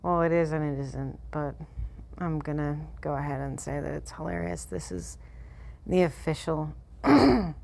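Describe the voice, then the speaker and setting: A woman with a notably low voice reads a web page aloud on her vlog. She keeps interrupting herself with blunt, scornful asides full of swearing. A faint hum sits behind her. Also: big pitch swings, measured pace, creaky, a little mellow. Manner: blunt, mocking, profane commentary. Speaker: vlogger.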